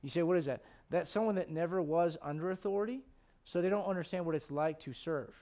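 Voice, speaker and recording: A man in his thirties, a pastor preaching a lively, conversational sermon with frequent restarts. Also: a little high, fast.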